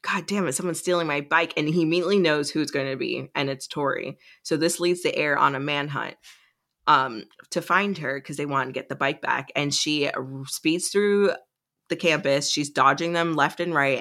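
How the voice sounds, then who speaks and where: A woman's voice: low voice, steady tone, normal speed, sharp tone. A woman co-hosting a podcast, chatting casually as she recaps a novel's plot and acts out the characters' lines. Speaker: podcast co-host.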